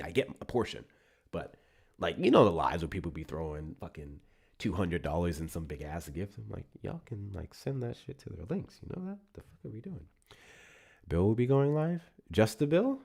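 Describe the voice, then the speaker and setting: Deep-voiced profane American livestream host. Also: male voice. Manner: profane, animated, laughing asides. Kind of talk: casual livestream chat.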